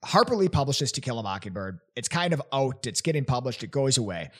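A young man telling a story in casual chat, animated and laughing often, with many "like" fillers. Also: medium pitch, a little fast, breathy edge. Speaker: podcast guest presenting a theory.

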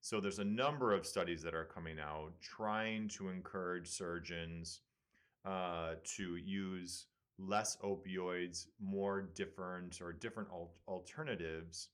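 Deep-voiced Midwestern American man explaining. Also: fairly even intonation, a little slow, fairly bright tone. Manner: conversational, explanatory, with fillers. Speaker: surgeon and podcast host. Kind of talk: casual medical talk show.

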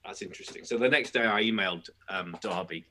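A middle-aged man, a guest musician, telling a story in casual podcast chat with animated restarts. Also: on the low side, brisk.

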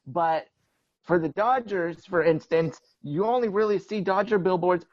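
A young man co-hosting a casual sports podcast, rambling in a relaxed way with lots of "like". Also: sits high, unhurried, no echo, lo-fi sound. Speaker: podcast co-host.

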